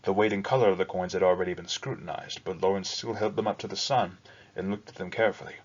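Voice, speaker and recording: A man reads a novel aloud in a steady, measured way. His voice is deep and low. The recording has a dull, lo-fi sound. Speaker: narrator. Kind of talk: audiobook narration.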